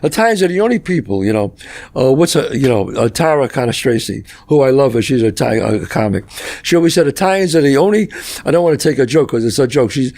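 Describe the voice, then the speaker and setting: An older man telling stories in casual podcast chat, animated and swearing freely, acting out relatives in quotes. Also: medium pitch, quick pace. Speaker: podcast guest. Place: podcast studio.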